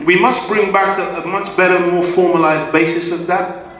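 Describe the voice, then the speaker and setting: At a community event, a guest speaker addresses a live crowd in an emphatic, preacher-like style, drawing responses from them. His high-pitched voice is fairly bright and steady in tone at normal speed. He sounds distant in the echoey community hall.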